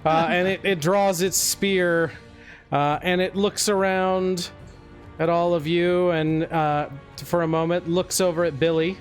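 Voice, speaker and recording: A man running a tabletop game as dungeon master, narrating slowly with lots of fillers. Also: high-pitched, little pitch movement, faint music behind. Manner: slow, hesitant narration with fillers.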